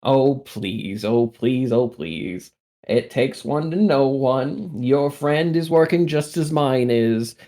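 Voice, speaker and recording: A man's voice: medium pitch, slow pace, warm tone. A man voicing a sly, smiling male cup-game hustler at a festival, smug and teasing.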